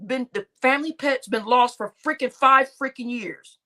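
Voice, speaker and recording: A woman's voice: sits high, moderate pace, pushed and bright. A woman commentating on a casual gossip livestream, often breaking into laughter, swearing freely and talking to her chat. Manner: laughing often, profane, addressing chat as y'all.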